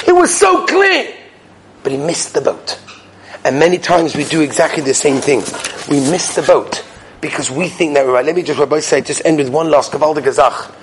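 A man with a high voice delivers a weekly Torah talk. He tells stories and acts out their characters as he goes, mixing Hebrew and Yiddish terms into his English. There is a faint bit of room noise behind him. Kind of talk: sermon with stories.

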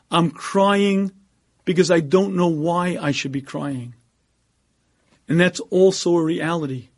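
A rabbi delivers an earnest Torah lecture in a high-pitched voice, frequently clearing his throat. He then reads out questions from the audience.

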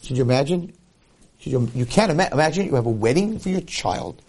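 A man giving a Torah lecture, telling a story in an animated, dramatic way and speaking straight to his listeners. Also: medium pitch, fast talker.

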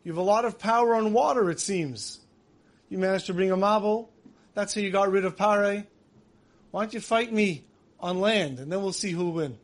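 A proud, defiant ancient conqueror, put on by a man telling the story, sneering and boastful. His voice rides high and pushes out loud and challenging. He sounds like a general mocking a god in a dramatic sermon retelling. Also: moderate pace, lightly acted. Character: arrogant ancient Roman conqueror taunting God.

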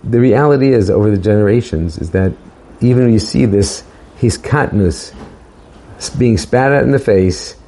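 A man giving a casual, halting Torah talk, with many fillers and restarts, slowing down to quote verses. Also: on the low side, dark tone, a little hiss or hum. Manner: hesitant, many fillers and restarts, quoting Hebrew verses slowly. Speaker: speaker sharing a Torah thought.

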